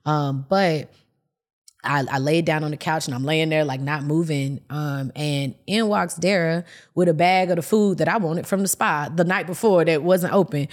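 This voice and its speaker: A woman with a low voice speaks at normal speed while hosting a podcast. In casual chat, she candidly shares a personal story and acts out the lines she quotes.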